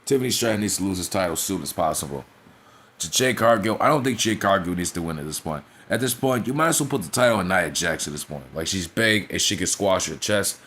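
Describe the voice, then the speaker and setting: A man with a lowish voice rants through a casual review, blunt and profane. He leans on slang and keeps tossing out quick asides to check that the listener is with him. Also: animated, fairly bright tone, slight background noise. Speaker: wrestling reviewer.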